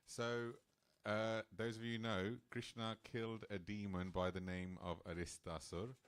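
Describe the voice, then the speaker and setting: A man's voice: on the low side, little pitch movement, measured pace, smooth. A man speaking as a temple speaker, telling a sacred story in a casual, chatty sermon style. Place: temple hall.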